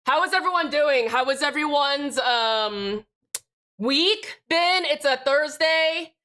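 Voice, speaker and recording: Bubbly, bright-voiced young woman streamer. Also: sits high, expressive, takes it slowly. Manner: bubbly, swears freely, reads chat aloud. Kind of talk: casual live-stream chat.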